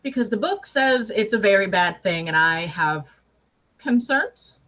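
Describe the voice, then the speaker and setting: A woman's voice: mid-range voice, animated, unhurried, a bit bright. A woman playing a tabletop game, talking in a wry, jittery way. Her worries come out half joking, with the odd casual swear word. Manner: anxious, wry, casually profane.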